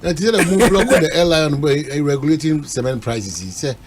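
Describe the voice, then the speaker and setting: A man's voice: on the high side, animated, fairly quick, background noise. A man pressing questions on a radio panel, mixing Twi and English.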